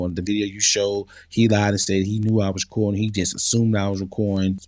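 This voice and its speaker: A man's voice: fairly low pitch, a little mellow, no echo, clean studio sound. A man talking casually and earnestly in an interview, with many fillers. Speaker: interview guest.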